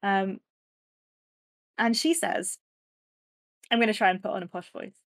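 A woman co-hosting a casual chat, giggling often and filling pauses with ums. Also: medium pitch, fairly even intonation. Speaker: podcast co-host.

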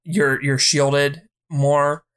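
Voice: medium pitch, little pitch movement, extremely slow, fairly bright tone, clean tone. A podcast co-host in casual chat, ranting bluntly with lots of swearing and repeated false starts. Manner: blunt, profane, heated ranting; repeats words when starting.

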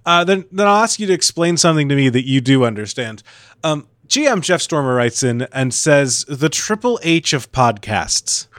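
A man co-hosting a comedy podcast in casual chat, firing off dry, teasing deadpan comebacks. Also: medium pitch, normal speed, no echo. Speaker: podcast co-host.

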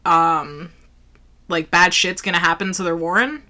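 A woman's voice: fairly low pitch, steady tone, a little slow, pushed and bright. A woman in casual podcast chat, swearing freely and filling her talk with "like". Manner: swears freely, heavy use of "like".

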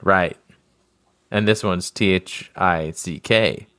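A man with a lowish voice talks very slowly as a podcast co-host, halting over his words and chuckling as he goes. The sound is dry and close, with no room around it. His chat is easygoing and unscripted. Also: a bit bright, clean tone, no echo. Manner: slow, halting descriptions with frequent chuckles. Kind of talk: casual chat.

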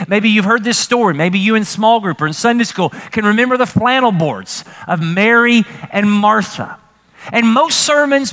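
A man preaching a sermon as pastor, animated and humorous, with frequent rhetorical questions to the congregation. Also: high voice.

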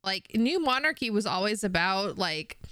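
A woman's voice: medium pitch, very animated, normal speed, a bit bright, clear, resonant tone, no echo, clean studio sound. A woman co-hosting a gaming podcast, chatting casually with lots of "like" and swearing, laughing often. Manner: giggly, swears freely, fillers like "like". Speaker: podcast co-host. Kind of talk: casual chat.

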